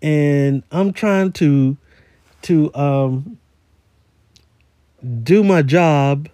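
A man's voice: a little high, drawn-out words, warm tone, dry recording. A man who works in a store, telling a rambling story in a casual voice message, with many repeated words. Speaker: retail store worker.

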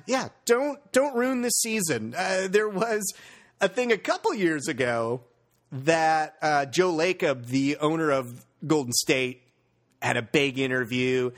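A fired-up sports podcaster rants bluntly and swears freely. The pitch climbs and dives all over the place as the points land, and the delivery stays loose and conversational. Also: fairly bright tone. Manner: blunt, profane, ranting. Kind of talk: casual sports talk rant.

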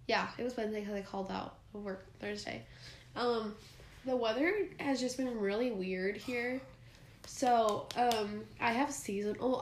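A young woman on a podcast chats casually, giggling through her fillers. Her voice is still recovering after being lost, a touch higher than usual. The sound is roomy and echoey. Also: slight background noise. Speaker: podcast co-host. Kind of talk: casual chat. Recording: roomy echo.

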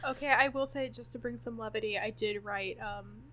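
A woman's voice: fairly high pitch, a little fast, fairly bright tone, a little hiss or hum. A woman guest on a podcast, chatting playfully and emphatically, laughing often. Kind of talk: casual chat.

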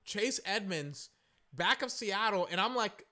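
A man giving casual live reaction commentary while watching a football game, rambling and calling plays excitably as they happen. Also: sits high, a little slow.

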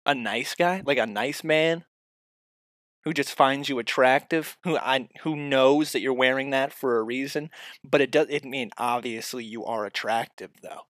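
A man delivering a profane comedic rant straight at the listener, swinging between loud outbursts and muttered asides. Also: mid-range voice, moderate pace, no room sound, clean studio sound. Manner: heavy swearing, addresses the listener directly.

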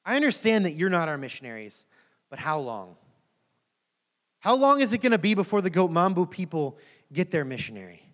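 A man's voice: high voice, very animated, brisk, long pauses, a bit bright, pitched above the performer's own voice. A man voicing a tribal chief, an older man who keeps pressing urgent, repeated questions, in a sermon story. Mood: pleading. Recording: long reverb of a large hall.

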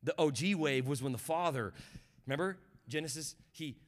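The man preaching here is a guest pastor whose voice runs on the high side at a moderate pace. Starting reflective and quiet, he works up to shouting fervor and invites the congregation's response.

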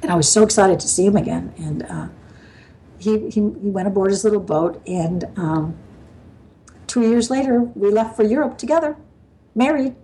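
A woman's voice: mid-range voice, animated, normal speed, mellow, rough recording. An older woman from the US Midwest, a podcast guest telling stories in a loose, rambling way, with frequent laughs and fillers. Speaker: guest sailor. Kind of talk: storytelling in a casual interview.

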